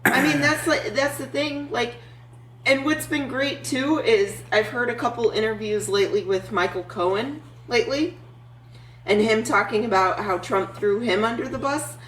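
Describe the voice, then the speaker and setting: A woman's voice: fairly high pitch, normal speed, a bit bright, recorded from a distance, a little hiss or hum. Woman podcast co-host, blunt and heated, profanity-laden political chat, roomy room away from the mic.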